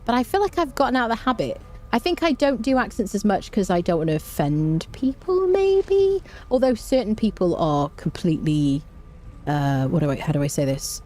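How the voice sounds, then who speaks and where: A woman's voice: medium pitch, expressive, moderate pace, mellow. A woman chatting casually on a game stream, reading viewer messages aloud and laughing often. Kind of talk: casual live-stream chat while gaming.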